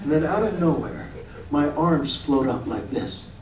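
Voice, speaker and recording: A man in his forties telling a profane comic story on stage, breaking into shouts. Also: a little high, measured pace, far from the mic, very noisy. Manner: animated, shouting bursts, profane. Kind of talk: live comedy storytelling. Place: comedy club stage with live audience. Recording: roomy live club recording with crowd. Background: audience laughter.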